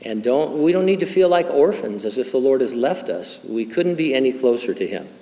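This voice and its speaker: A man's voice: medium pitch, sing-song, a little fast, mellow, long reverb tail. An older male pastor preaching a conversational sermon, full of fillers, restarts and wry humor. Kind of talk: sermon with Bible teaching.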